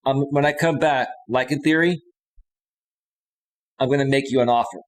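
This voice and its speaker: A man's voice: medium pitch, moderate pace. A man in his thirties hosting a live stream as a coach, ranting in a heated, combative way and repeating his phrases, close to a studio microphone. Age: 30s. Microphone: close studio microphone with a limiter.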